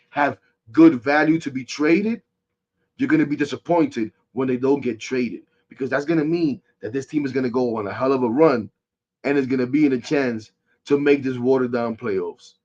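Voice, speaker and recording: A man rants about his team on a sports podcast, frustrated and animated. His mid-pitched voice jumps from loud outbursts to low muttering. The recording sounds dull and lo-fi. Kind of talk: casual sports rant.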